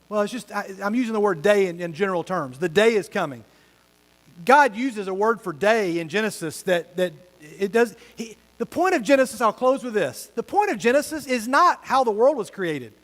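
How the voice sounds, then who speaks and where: A man's voice: high voice, animated, quick pace, fairly bright tone. A man preaching a sermon as pastor, telling stories animatedly and acting out the voices of the people he quotes. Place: church hall with tables. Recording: long hall reverb.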